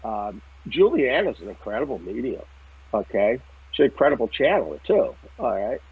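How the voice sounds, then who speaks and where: A man, telling a story as a psychic medium in lively casual talk, swearing now and then and checking in with "right?". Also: medium pitch, moderate pace, slightly rough, no room sound. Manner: animated, swears casually, laughs often, repeats "right?" and "okay?". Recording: tinny phone-like line.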